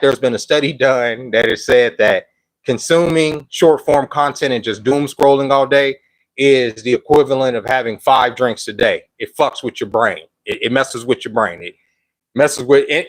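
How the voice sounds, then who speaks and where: A man's voice: mid-range voice, normal speed, dry recording, poor audio. A man hosting a live stream, out of breath with a phlegmy throat, chatting loosely and greeting viewers. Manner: loose, rambling talk with slang and restarts. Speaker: livestream host. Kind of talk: casual live-stream chat.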